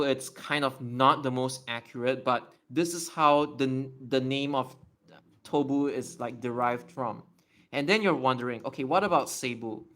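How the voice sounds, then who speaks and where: Casual young male streamer; unhurried delivery, talks through his writing as he goes. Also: medium pitch, a bit bright. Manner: explains step by step while writing, thinking aloud. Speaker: livestreamer. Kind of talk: casual livestream explanation.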